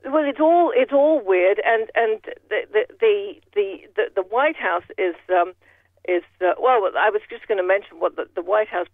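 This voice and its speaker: A man's voice: high-pitched, moderate pace, dry recording. A man giving casual political commentary with a rambling, sardonic manner, full of restarts. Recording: tinny phone line.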